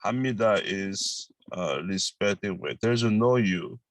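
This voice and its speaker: A man with a Korean accent, whose first language is Korean, teaching a language lesson and repeating each phrase slowly, with halting English. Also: lowish voice, expressive, dry recording.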